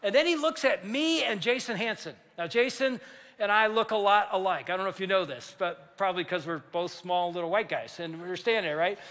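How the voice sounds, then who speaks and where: An older man preaching a sermon, telling a story with lively acted-out dialogue and building to shouts. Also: high voice, brisk. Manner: animated, acts out dialogue, rising to shouts at climaxes. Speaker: pastor. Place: church sanctuary. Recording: long church hall reverb.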